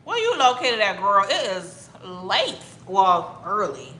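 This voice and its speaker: A woman's voice: mid-range voice, big pitch swings, takes it slowly, bright, forceful tone. A woman from Miami casually chatting with viewers on a livestream, greeting them by name and drawing out her words. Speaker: livestream host. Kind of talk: casual livestream chat reading comments. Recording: echoey room.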